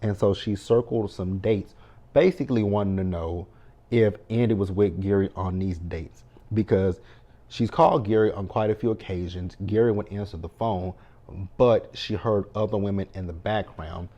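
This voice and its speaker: A man's voice: lowish voice, normal speed, dark tone, muffled recording. A man giving a casual, blunt, profane recap of a TV episode and talking back to the characters as he goes. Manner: blunt, profane running commentary. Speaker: TV show recapper.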